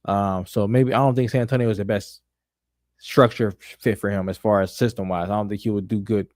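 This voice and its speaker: A man's voice: lowish voice, steady tone, a little fast, darkish tone, no echo, studio quality. A young man co-hosting a sports podcast, talking emphatically and profanely in casual chat. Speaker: podcast co-host.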